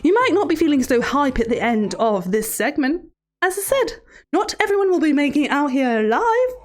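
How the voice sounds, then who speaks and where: A sugary, menacing villain therapist, as a woman streamer puts her on, purring threats at her audience between cheery greetings. The voice sits high and leaps up and down in sing-song swoops, words drawn out with mock sweetness. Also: sing-song, normal speed. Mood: mock-sweet menace. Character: creepy, teasing female villain therapist hosting cruel trials. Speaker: streamer in character. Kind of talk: live-stream character role-play.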